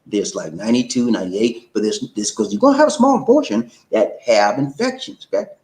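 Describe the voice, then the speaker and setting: A man hosting a casual livestream who talks loosely and animatedly, jumping up high when he gets worked up. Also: fairly quick, reverberant, poor audio. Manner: animated, swings up high when excited, says "man" and "okay?". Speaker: livestream host.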